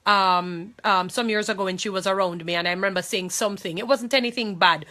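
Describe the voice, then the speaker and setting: A woman's voice: mid-range voice, fairly quick, pushed and bright. A woman with a Jamaican accent, speaking to viewers in an impassioned monologue. She talks emphatically, repeats phrases and pleads, distressed and angry.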